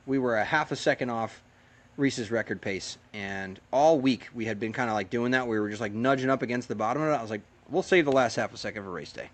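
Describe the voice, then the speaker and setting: A fast-talking American man telling racing stories in a relaxed interview. His voice sits at a middle pitch, and he rattles along with fillers and acts out what people said to him. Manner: animated, chatty, lots of fillers and acted-out quotes. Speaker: race car driver guest. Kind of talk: casual interview storytelling.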